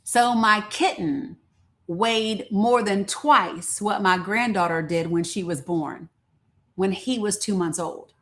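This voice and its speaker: A woman's voice: medium pitch, takes it slowly. Woman host, older, candid live-stream chat, outspoken and folksy. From rural American South. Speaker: livestream host.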